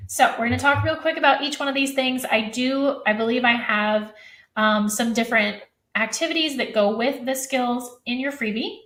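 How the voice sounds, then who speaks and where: A woman teacher giving a fast, chatty live-stream presentation to other teachers, full of fillers. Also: fairly high pitch, a bit bright, echoey room.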